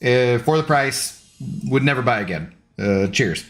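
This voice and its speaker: A man's voice: mid-range voice, lively intonation, measured pace. A young adult man streaming, chatting casually with viewers in a rambling, easygoing, self-deprecating way. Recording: faint music underneath.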